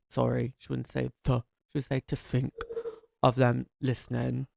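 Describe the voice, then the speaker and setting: A man's voice: medium pitch, completely flat delivery, moderate pace, gravelly, darkish tone, no room sound, clean studio sound. A man co-hosting a podcast, talking in a campy, playful, theatrical way in casual comedic chat. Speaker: podcast co-host.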